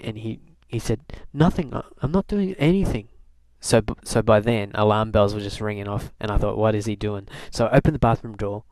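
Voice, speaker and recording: A man's voice: lowish voice, level tone, brisk, hardly any pauses, a little mellow, no room sound. A young man from Canada telling a rambling, wry diary-style story, full of fillers and restarts. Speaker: video blogger. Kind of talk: casual rambling diary talk.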